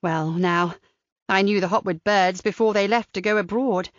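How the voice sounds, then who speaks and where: A woman voicing a hospitable London woman in her seventies, with a London accent and a warm, chatty manner. The recording is dry and slightly dull. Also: mid-range voice, normal speed, no echo, close to an everyday voice. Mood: reflective. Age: 70s.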